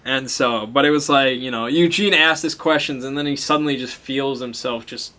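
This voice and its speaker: A man's voice: mid-range voice, moderate pace, sharp tone. A man game master casually retelling a tabletop game session, laughing often and swearing casually.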